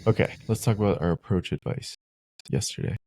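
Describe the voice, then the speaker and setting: A man co-hosts a podcast and hands out advice in a loose, filler-heavy way. His voice is very low and dark with a gravelly texture. The room sounds dry. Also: brisk, no echo. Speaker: podcast co-host, dating coach. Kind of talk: casual podcast chat.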